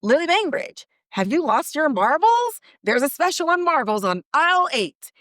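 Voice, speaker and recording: Woman doing a sinister store announcer, cheery sing-song, higher pitch, a bit louder. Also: very animated, moderate pace, dry recording, clean studio sound. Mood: sly. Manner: light sing-song tone with a menacing edge.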